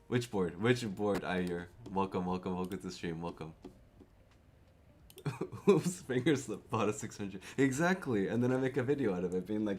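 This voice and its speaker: A young man with a fairly low voice hosts a casual live stream and talks straight to his viewers. He is excitable, breaks into laughs often and tends to repeat himself. He comes from Canada. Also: unhurried, long pauses. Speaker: keyboard streamer.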